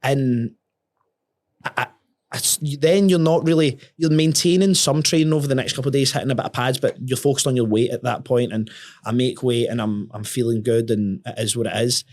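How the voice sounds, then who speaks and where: A young man, a podcast guest telling a story in casual talk, sweary and animated, often restarting his words. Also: medium pitch, fairly quick.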